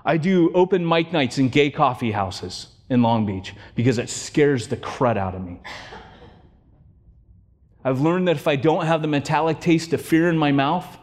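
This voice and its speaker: A middle-aged man preaching a sermon, telling stories with acted-out voices and swinging from loud to hushed. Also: on the high side, moderate pace. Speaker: pastor.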